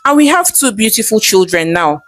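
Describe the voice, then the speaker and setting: A woman with a Nigerian accent voicing an excitable young male police guard who talks in exclamations and pidgin tags. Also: mid-range voice, a little fast, lightly acted. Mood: eager.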